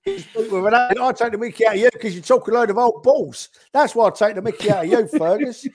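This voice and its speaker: A man's voice: high voice, quick pace, a crowd in the background. A man, a regular on a fan podcast, rambling and teasing his co-host with slang. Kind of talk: casual banter.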